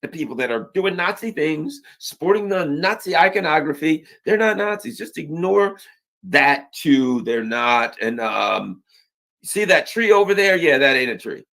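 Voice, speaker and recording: A man's voice: a little high, very animated, a little slow, creaky, pushed and bright. A man hosting a sarcastic political news commentary, mocking and ironic as he talks. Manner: mocking, heavy sarcasm with mock voices.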